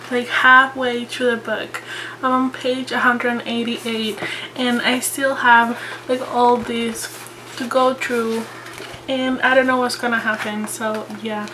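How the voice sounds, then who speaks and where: Slow-talking, expressive woman book vlogger. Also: a little high, background noise. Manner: chatty and emotional, slow deliberate delivery. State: tearful, crying. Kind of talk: casual reading vlog.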